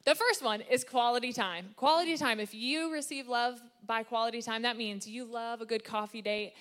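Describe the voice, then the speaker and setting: A woman giving a playful sermon-style talk about marriage, lively and joking with the crowd. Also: a little high, moderate pace. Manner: lively, playful, sprinkles in funny put-on voices. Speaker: married speaker at church.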